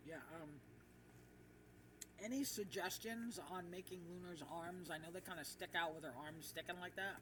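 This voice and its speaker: A woman's voice: lowish voice, moderate pace. A woman streamer rambling casually while she plays a game, with lots of fillers, in an echoey room. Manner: rambling and chatty with many fillers. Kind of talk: casual livestream chat while gaming. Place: room with echo. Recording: echoey far-off mic with background noise.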